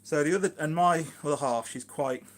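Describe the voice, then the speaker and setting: Streaming live from his kitchen at home, this Shropshire man, a gardening vlogger, rambles casually and keeps drifting into asides. His voice is slightly high and fairly quick, in a Shropshire English accent from England. There's a faint hiss or hum in the background.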